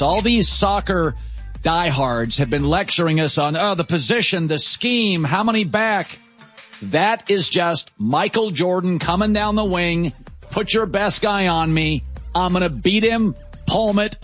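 A man's voice: high-pitched, fairly bright tone, breathy edge, lo-fi sound. A man hosting a sports talk show, making emphatic, punchy declarations.

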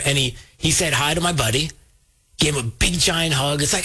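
Animated husky male talk host. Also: quick pace. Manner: animated, jumps pitch high when quoting people. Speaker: show host. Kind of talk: casual storytelling on a talk show.

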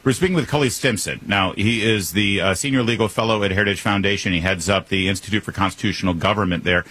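A male talk radio host with a low, slightly husky voice. He stumbles over his openings, then presses his opinions hard. The tone stays conversational. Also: fairly bright tone. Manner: halting restarts, emphatic opinions.

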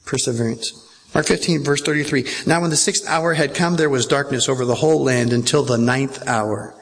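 A man's voice: medium pitch, gravelly, a little hiss or hum. A man preaching a sermon as pastor, emphatic and repetitive, checking that listeners follow along. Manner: emphatic, repeats phrases, asks listeners if they follow. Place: church.

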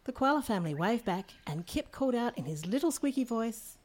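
A woman's voice: on the high side, very animated, brisk, heavy background noise. A woman narrating a children's story in a storybook manner. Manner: warm storybook reading.

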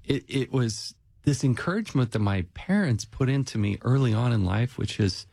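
A man's voice: medium pitch, animated, moderate pace, gravelly, mellow, no echo, clean studio sound. A man hosting a casual interview, talking in a conversational, reflective way.

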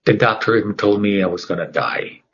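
Husky low-voiced man, middle-aged interview guest, dramatic storyteller, muffled recording. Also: a little fast. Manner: dramatic, acts out the voices of others in his story. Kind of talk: personal testimony storytelling.

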